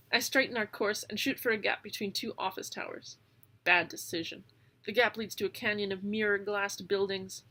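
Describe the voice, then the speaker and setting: Female reader, lively first-person storybook narration, occasional amused asides. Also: mid-range voice. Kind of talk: audiobook narration.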